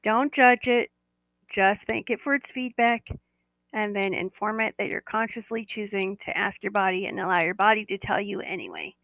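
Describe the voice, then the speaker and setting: A woman's voice: medium pitch, lively intonation, normal speed, fairly bright tone, no room sound, low-quality recording. A woman who leads a guided body-awareness meditation live, talking in a soothing, coaxing way and often repeating "that's right.".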